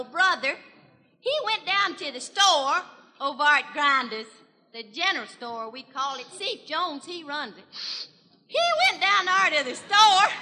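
An excitable young country gossip with a rural Southern twang, hollering her folksy stories in a very high, piercingly bright voice. She rambles and giggles. The 1940s radio broadcast rings with a long hall echo. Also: full character voice. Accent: Southern US, rural Tennessee. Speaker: comedian. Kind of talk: 1940s radio comedy monologue.

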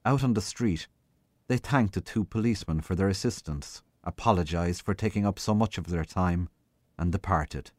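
A man giving a slow, measured literary reading of a short story. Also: sits low, a little mellow, dry recording. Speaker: reader.

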